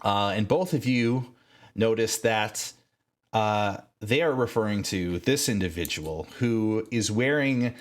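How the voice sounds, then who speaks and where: A man narrating as game master of a tabletop game, measured and dramatic, with frequent fillers. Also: on the low side.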